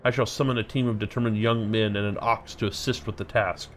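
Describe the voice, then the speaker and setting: A man's voice: fairly low pitch, steady tone, a little fast, a little hiss or hum, natural voice. A man voicing a peevish shopkeeper in a game, cutting and sarcastic. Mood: sneering. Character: peevish, sneering male shopkeeper.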